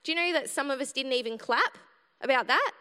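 High, bright-voiced woman preaching. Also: animated, fairly quick, clean tone. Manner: chatty, humorous, passionate with sudden loud outbursts. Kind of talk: sermon. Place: church hall. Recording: reverberant church hall.

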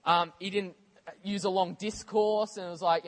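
A man preaching a sermon in a conversational, animated way, with casual asides to the congregation. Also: sits high, brisk.

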